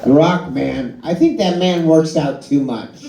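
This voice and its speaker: A man doing a stand-up comedy set, telling a story in an animated way and swearing freely. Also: a little high, measured pace, vocal fry, very noisy. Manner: animated storytelling, swearing, crowd laughing along. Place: live comedy show at a bar and grill. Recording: echoey bar room with a loud crowd. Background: audience laughing.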